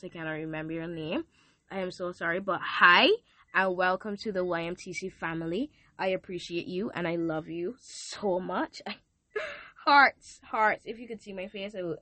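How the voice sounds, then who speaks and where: A teenage girl hosts her own casual podcast, talking warmly and loosely to listeners, full of ums and little asides. Her voice sounds bright and a bit tense. It is recorded dry, with no room sound. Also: fairly low pitch, no echo. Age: teens. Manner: chatty, affectionate, rambling with fillers. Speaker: podcast host. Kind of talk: casual faith podcast thank-you message.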